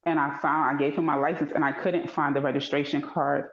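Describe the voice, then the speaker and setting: A woman in casual chat, telling stories with animation and acting out dialogue in a higher voice. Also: a little fast. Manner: animated storytelling, acts out dialogue in high voice. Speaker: podcast co-host. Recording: dull echoey room.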